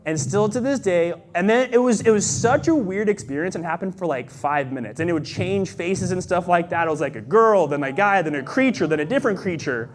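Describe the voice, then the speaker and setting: A man's voice: high-pitched, a little fast, few pauses. Chatty young man telling his story. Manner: animated, acts out quoted voices, many fillers. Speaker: storyteller sharing a personal testimony. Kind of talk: casual testimony.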